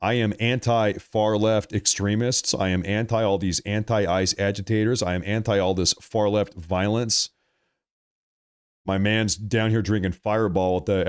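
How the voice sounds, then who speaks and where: A man's voice: fairly low pitch, smooth, no echo, studio quality. A man hosting live political commentary on a stream, emphatic and repeating lines for effect, calling his viewers folks. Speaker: livestream political commentary host.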